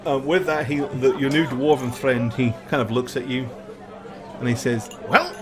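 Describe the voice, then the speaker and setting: A man narrating as game master of a tabletop game, relaxed and with frequent ums. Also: mid-range voice, normal speed, crowd noise.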